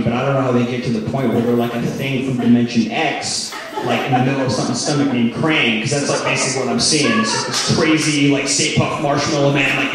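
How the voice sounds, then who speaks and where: Man doing stand-up in an echoey club. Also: medium pitch. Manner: rambling, filler-heavy delivery with sudden loud outbursts. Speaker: stand-up comedian. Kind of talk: stand-up comedy set. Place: comedy club stage. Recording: echoey club recorded from far off with audience. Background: audience laughter.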